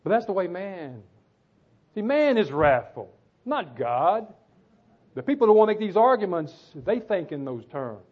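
Emphatic high-voiced male preacher, tinny sound. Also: big pitch swings, measured pace, husky. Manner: emphatic, repeats phrases for stress. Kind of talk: sermon with scripture reading.

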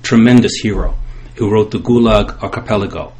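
Man preaching hard, emphatic, sing-song rise and fall, lowish voice. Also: a little fast, a little mellow, slight background noise. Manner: emphatic, sing-song rising and falling delivery. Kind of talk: impassioned preaching commentary.

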